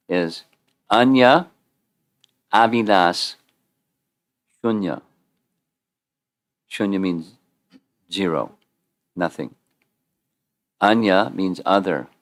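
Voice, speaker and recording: Man teaching a temple class, very low voice, dry close sound, chatty, quizzes listeners. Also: no echo. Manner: conversational, quizzes the audience, repeats and restarts. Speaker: spiritual teacher giving a class. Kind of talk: informal scripture class.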